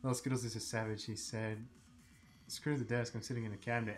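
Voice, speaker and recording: A man's voice: on the low side, little pitch movement, fairly quick. A man chatting casually on a live stream while he sketches. He laughs often and slips into silly voices.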